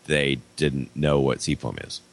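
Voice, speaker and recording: A man's voice: extremely low pitch, steady tone, unhurried. A man who is a car repair guest on a podcast, explaining a fix step by step in casual chat.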